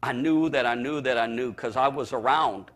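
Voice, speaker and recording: A man's voice: medium pitch, normal speed, fairly bright tone. A man from the Chicago area, a pastor preaching a personal testimony, telling it with emotion and stammered repeats. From Chicago area, USA.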